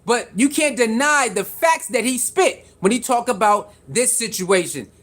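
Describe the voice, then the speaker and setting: Vlogger with a mid-range pitch riffing to camera in an animated, repetitive style, quizzing viewers and laughing between points. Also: unhurried. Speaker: sports commentary vlogger. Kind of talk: casual commentary to camera.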